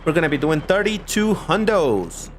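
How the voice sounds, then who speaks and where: Chatty man with a lively high voice. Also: moderate pace, a little hiss or hum. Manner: chatty and rambling, reads and answers chat aloud. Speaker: live-stream host. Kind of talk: casual gaming live-stream chat. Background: faint background music.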